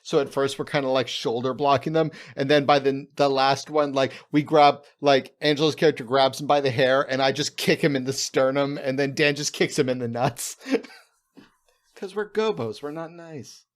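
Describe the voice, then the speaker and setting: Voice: medium pitch, moderate pace. A player in a casual tabletop game, ranting and swearing while playing a goblin. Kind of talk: casual tabletop role-play.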